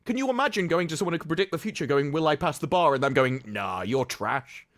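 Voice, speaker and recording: Animated man with a higher voice. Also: racing. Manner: mocking, animated, laughs through jokes. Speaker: podcast co-host. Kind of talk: casual chat.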